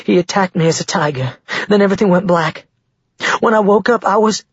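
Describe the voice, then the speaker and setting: A man's voice: a little high, moderate pace, breathy edge, no echo, highs cut off, pitched above the performer's own voice. A man voicing a trembling young woman. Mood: scared. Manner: trembling, anxious. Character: frightened young woman shapeshifter, tremulous.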